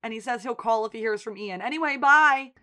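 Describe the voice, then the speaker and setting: A podcast co-host recaps a TV episode in casual conversation, animatedly acting out the characters' lines. Her voice is fairly high-pitched and quick.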